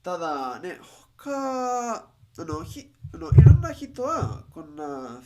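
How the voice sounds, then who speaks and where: A livestreamer whose first language is not English chats loosely, thinking out loud. The voice sits at a middling pitch and swings through a wide, animated range. The speech is full of restarts, and it becomes especially halting, with many fillers, once the speaker switches to Japanese. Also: very noisy. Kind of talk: casual livestream chat.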